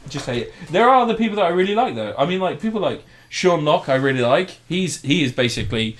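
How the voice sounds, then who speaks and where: A man co-hosting a podcast, talking in a casual, animated way and swearing freely. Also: on the high side, fast. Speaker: podcast co-host. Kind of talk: casual chat.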